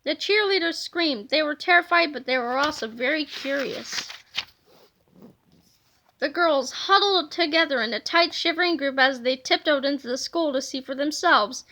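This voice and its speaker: Brief: woman reader, high and bright, animated children's read-aloud. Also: normal speed, a little hiss or hum. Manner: animated storybook reading. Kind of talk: reading a children's book aloud.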